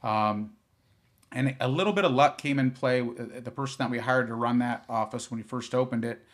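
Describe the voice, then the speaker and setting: Here an Iowa business founder is interviewed on a podcast, and his answers wander loosely, with lots of fillers and false starts. His pitch is medium and his pace moderate.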